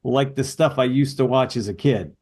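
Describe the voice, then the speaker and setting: A man's voice: mid-range voice, moderate pace, darkish tone. A man co-hosting a casual podcast chat, telling stories with eager enthusiasm. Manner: enthusiastic, nostalgic storytelling. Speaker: podcast co-host.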